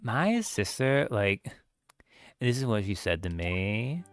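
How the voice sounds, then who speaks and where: A man's voice: fairly low pitch, big pitch swings, slow pace, faint music behind, full character voice. A man voicing a bubbly young valley girl witness who drawls and fills every phrase with "like". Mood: whiny. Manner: drawling with constant "like" fillers.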